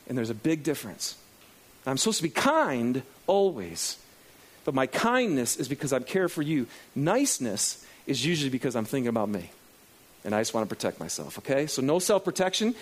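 High-voiced animated male preacher. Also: a little fast. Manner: animated, acts out inner dialogue. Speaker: pastor. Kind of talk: sermon. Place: in front of a congregation.

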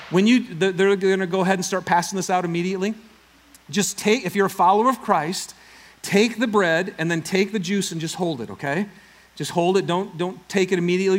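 A man preaching a sermon as pastor, swinging from loud emphatic lines to hushed, near-whispered ones. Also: sits high.

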